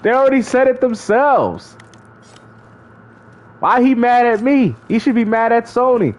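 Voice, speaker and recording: A man's voice: very high voice, animated, unhurried, a little mellow. A man streaming live, casually bantering and mocking rival gamers, laughing often as he talks. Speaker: gaming streamer.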